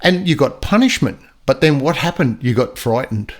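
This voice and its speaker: Animated older man telling stories. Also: mid-range voice. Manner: animated, acts out dogs and people in quick voices. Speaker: podcast guest storyteller and dog trainer. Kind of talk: casual chat.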